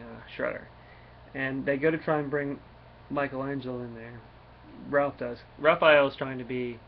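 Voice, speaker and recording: Rambling male comic book reviewer. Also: mid-range voice. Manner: rambling, many fillers. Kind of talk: casual spoken review. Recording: dull lo-fi recording, faint noise.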